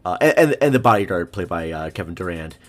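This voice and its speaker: Man on a podcast, lowish voice, rambly, gets animated on the bits. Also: quick pace. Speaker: podcast guest. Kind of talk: casual film review chat.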